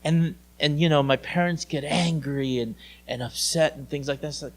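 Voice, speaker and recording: A male pastor preaching a sermon in a conversational way, talking to his listeners directly and moving between raised emphasis and hushed, low tones. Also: normal speed, few pauses. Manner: conversational, addresses listeners as "you guys".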